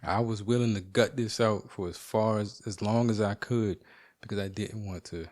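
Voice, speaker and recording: Male podcast host with a slightly low voice, loose and profane storytelling from home. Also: normal speed. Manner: animated, profane, rambling. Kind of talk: casual storytelling monologue.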